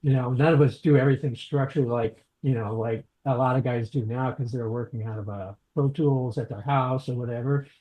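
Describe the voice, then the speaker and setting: A male audio engineer speaks in a laid-back, thoughtful way at a middling pitch. He sounds like a relaxed guest in a casual interview. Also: a little fast, few pauses, rough recording.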